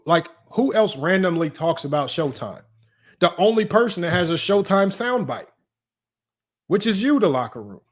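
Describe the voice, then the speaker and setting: A young man talking off the cuff on a home livestream, reading out viewer messages. He is mocking and animated, and his slightly high voice jumps even higher when he can't believe what he's hearing. He sounds close to a desk microphone. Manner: animated, mocking, rises sharply when incredulous. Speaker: sports talk livestream host. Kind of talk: casual livestream chat reading super chats.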